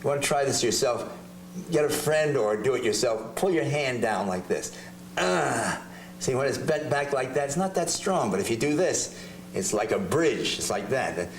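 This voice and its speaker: An older man teaching drum technique, talking in a chatty, halting way with restarts as he demonstrates. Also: medium pitch, animated, slight background noise. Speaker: drum instructor. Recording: drums heard in the room. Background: drum strokes between phrases.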